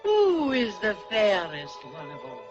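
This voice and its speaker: A woman's voice: medium pitch, huge pitch swings, unhurried. Vain evil queen, lilting swoops, dull old soundtrack, music behind. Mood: commanding.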